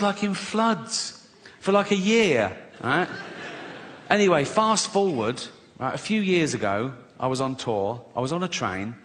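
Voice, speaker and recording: This comedian tells comic stories in stand-up fashion, swearing freely and laughing at his own jokes. His voice is a little high and a bit bright, and the sound carries the echo of a big room.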